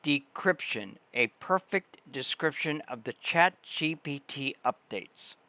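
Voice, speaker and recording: A man with a somewhat high voice reads a long passage aloud on his livestream. He goes slowly and deliberately, pausing between phrases. The sound is close and dry. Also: lively intonation, bright, forceful tone, dry recording. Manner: slow, deliberate reading with pauses and restarts. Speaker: livestream host. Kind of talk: reading text aloud on a livestream.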